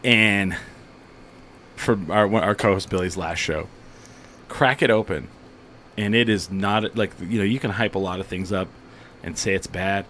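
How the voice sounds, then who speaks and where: Casual talk-show host, man, lowish voice, rambling anecdotes, faint background hiss. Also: measured pace, pauses often, a bit bright. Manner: rambling storyteller, frequent restarts and swearing. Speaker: podcast host. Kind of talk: casual chat.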